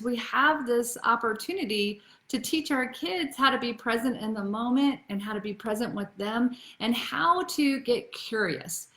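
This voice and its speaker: A woman's voice: mid-range voice, a bit bright. Earnest woman in an echoey room. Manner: earnest, conversational, many restarts and fillers. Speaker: parenting coach. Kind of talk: casual advice talk to camera.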